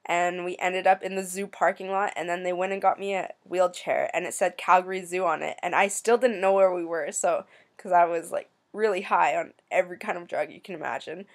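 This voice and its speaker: A young woman from Canada telling a personal story in a soft, halting, emotional way, with many pauses, near tears. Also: on the low side, fairly even intonation. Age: young adult. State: tearful. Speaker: vlogger.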